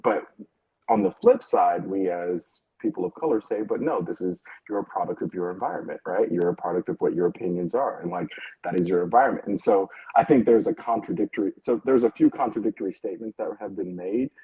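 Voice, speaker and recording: Low husky man in dry room. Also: lively intonation, a little fast, mellow, dry recording, low-quality recording. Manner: hesitant, many fillers and restarts, laughs between points. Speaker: panel guest. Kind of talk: casual panel discussion. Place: at home. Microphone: video call.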